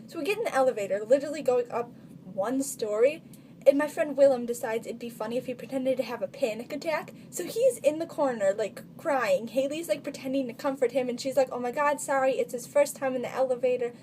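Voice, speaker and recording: A woman's voice: high voice, animated, fairly quick, dark tone, a little hiss or hum. A teenage girl telling funny stories in a casual vlog, chatty and full of filler words. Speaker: vlogger.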